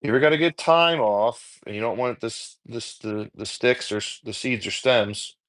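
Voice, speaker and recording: A man's voice: medium pitch, normal speed, a bit bright, dry recording. A man casually chatting while prepping food, rambling and self-deprecating, swearing freely, with a New Jersey accent. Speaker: home cook content creator. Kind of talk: casual chat while cooking prep.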